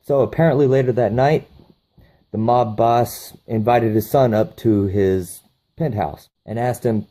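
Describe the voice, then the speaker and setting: A man's voice: medium pitch, a little slow, dark tone. A man reviewing a movie, recapping the plot casually with profane enthusiasm.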